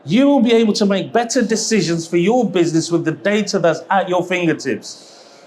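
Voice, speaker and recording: A man presenting a seminar at a trade expo, chatty and jokey, with quick asides. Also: high voice, a little mellow. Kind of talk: live seminar talk. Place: exhibition hall seminar.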